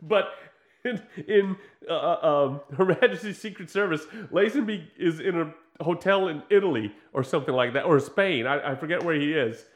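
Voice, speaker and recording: Animated man in an echoey room. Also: on the high side, moderate pace. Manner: animated, laughing, swearing, acts out scenes. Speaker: podcast co-host. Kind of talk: casual film chat.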